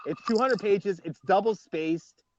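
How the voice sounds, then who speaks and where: A man with a high voice who rambles through his stories, giggling and filling the gaps with "like" and "um". His speech is casual stream banter, and the audio is dull and muffled. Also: a little slow, background noise. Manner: giggly, rambling, lots of fillers. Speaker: livestream co-host.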